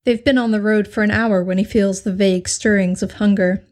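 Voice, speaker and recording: A woman reading a piece of fan fiction aloud as narrator, in an even storytelling manner. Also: medium pitch, brisk. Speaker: story reader.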